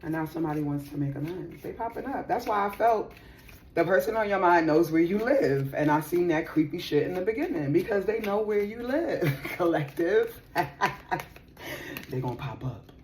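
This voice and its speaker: Animated, slangy woman reading tarot. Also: on the low side, moderate pace, slight background noise. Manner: slangy, profane, animated and emotional; laughs often, addresses viewers as sis and y'all. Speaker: tarot reader. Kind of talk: casual tarot reading to camera.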